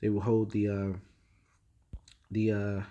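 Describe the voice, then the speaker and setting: A man's voice: fairly low pitch, completely flat delivery, slow pace, dark tone, lo-fi sound. A man hosting a casual news commentary video, rambling with slang and many fillers, reading headlines and scripture aloud. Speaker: religious video host.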